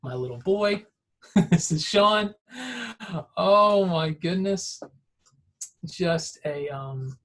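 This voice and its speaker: A man, giving a heartfelt personal talk over a video call, emotional and repetitive, swinging from hushed to excited. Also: a little high. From Atlanta area, US.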